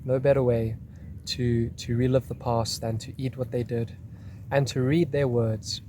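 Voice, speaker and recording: A man's voice: medium pitch, little pitch movement, measured pace, mellow, slight background noise. A man hosting a history video, talking casually and reading out a soldier's account. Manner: chatty, repeating "crazy, hey?".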